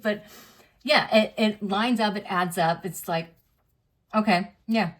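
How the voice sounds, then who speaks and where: A woman's voice: medium pitch, slow, pauses often. Chatty woman telling a personal story. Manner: chatty and unpolished, full of fillers and reenacted dialogue. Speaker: vlogger. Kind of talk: candid personal storytelling to camera.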